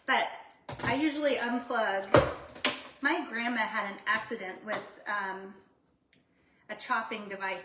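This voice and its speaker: Bright chatty woman in an echoey kitchen. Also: a little high, distant mic, a little hiss or hum. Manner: chatty, self-deprecating, greets viewers by name. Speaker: jewelry maker cooking on a livestream. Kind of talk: casual live cooking chat. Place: home kitchen.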